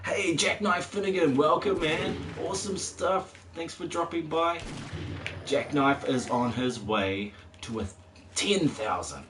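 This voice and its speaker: A man's voice: a little high, measured pace, noisy background. A man chatting casually on a live stream while he plays, rambling, chuckling often and swearing at the game.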